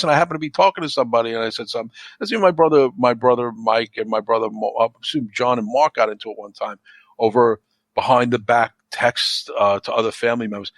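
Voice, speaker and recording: A man's voice: mid-range voice, animated, fast talker, a bit bright, dry recording. A man chatting as a podcast guest, telling stories with plenty of swearing and acting out the arguments he quotes. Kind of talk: casual chat.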